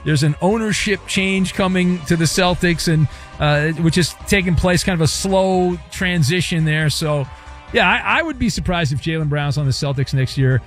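A man hosting sports talk radio, giving quick wry opinions and reading listener answers. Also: on the high side, soft background music. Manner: wry, sarcastic quips.

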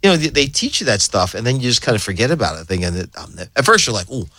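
A man's voice: mid-range voice, very fast, no echo. A male radio show host telling a story in casual on-air banter, acting out the voices of the people in it. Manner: animated storyteller, acts out quoted voices.

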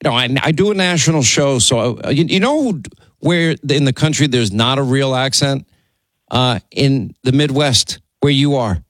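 A man hosting a call-in radio show, chatty, tired after a long week, stumbling into quick restarts. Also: mid-range voice, dry recording. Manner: rapid, stammering restarts, chatty. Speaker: radio talk show host. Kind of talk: casual call-in chat.

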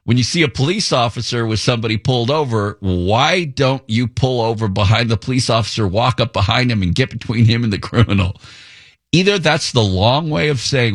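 A man's voice: mid-range voice, animated, normal speed, dry recording, studio quality. A man hosting a morning radio talk show, chatting casually with wry, rambling asides and chuckles. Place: radio studio. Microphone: studio microphone.

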